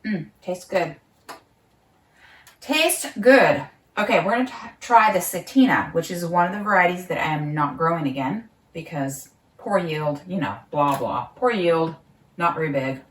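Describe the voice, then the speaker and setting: Woman vlogger, casual and chatty, slightly low voice, recorded in a roomy space away from the mic. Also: animated, normal speed. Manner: chatty, thinks aloud, often laughs, talks while eating. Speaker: market gardener vlogger. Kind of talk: casual home vlog. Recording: roomy sound, mic at a distance.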